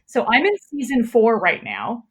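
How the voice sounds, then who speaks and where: A woman's voice: fairly high pitch, wildly swooping pitch, a little slow, a bit bright, husky. Woman hosting a comedy pod, rambly and foul-mouthed, laughs a lot. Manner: chatty, profane, laughs often, rambling. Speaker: podcast host. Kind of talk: casual comedic chat and reading aloud.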